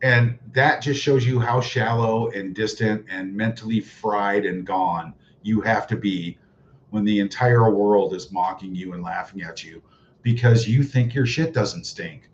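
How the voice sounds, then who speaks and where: A man's voice: fairly low pitch, measured pace. Sarcastic man on a lo-fi livestream. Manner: mocking, sarcastic, chuckles often. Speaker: livestream host reading chat. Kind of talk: casual livestream chat. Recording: dull lo-fi livestream audio with faint noise.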